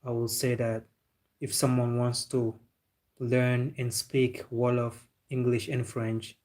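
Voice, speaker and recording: A man's voice: mid-range voice, little pitch movement, slow, darkish tone. A man hosting a football live stream, chatting casually and searching for his words with fillers and restarts. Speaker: football channel host.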